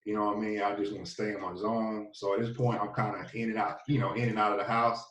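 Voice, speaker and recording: A man in his thirties with a Southern US accent, telling his story in a relaxed, rambling way as a podcast guest. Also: fairly low pitch, fast. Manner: laid-back, rambling, many fillers. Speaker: podcast guest, former football player. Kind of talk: casual storytelling interview. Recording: echoey, a bit distant from the mic.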